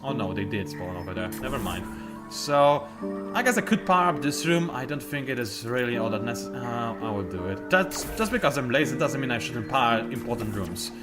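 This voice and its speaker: Lively-voiced man commentating a game. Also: medium pitch, a little fast. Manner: chatty, explains moves as he plays, trails off and restarts. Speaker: let's play commentator. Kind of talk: gameplay commentary. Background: game music.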